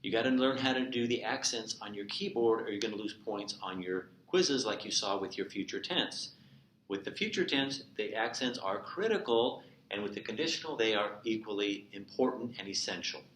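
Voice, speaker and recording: A man teaching a recorded remote Spanish lesson, explaining verb endings and repeating each example slowly. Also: lowish voice, fairly bright tone. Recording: echoey room with faint noise.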